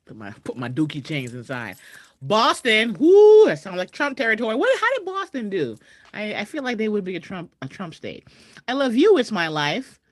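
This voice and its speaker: A chatty woman comedian hosts her live stream and talks straight to her viewers. Her pitch leaps around as she talks, and the sound is dry and close on a webcam. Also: huge pitch swings, normal speed, no echo. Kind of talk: casual live-stream chat. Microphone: webcam video call.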